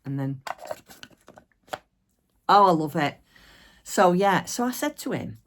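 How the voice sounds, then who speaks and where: Low gravelly woman chatting. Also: big pitch swings, moderate pace, pauses often. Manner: chatty and rambling, many fillers. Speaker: craft shop owner showing products. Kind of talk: casual chat to camera. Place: at home, indoors.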